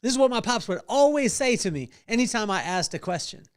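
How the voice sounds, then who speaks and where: Middle-aged guy, high smooth voice, animated storytelling podcast host. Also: brisk. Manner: animated, acts out voices in stories. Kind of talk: storytelling devotional talk.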